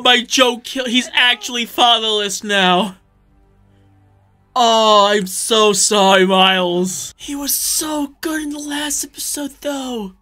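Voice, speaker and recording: A man giving jokey, excitable commentary while playing a video game, often shouting his reactions. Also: high voice. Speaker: let's play host. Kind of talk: gameplay commentary.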